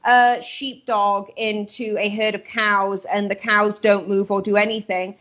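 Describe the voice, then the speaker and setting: A woman's voice: medium pitch, little pitch movement, a little slow, a bit bright, muffled recording. A woman talking as a guest in a radio interview, earnest and rambling, often correcting herself mid-sentence. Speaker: guest commentator. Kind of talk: radio interview, opinionated talk.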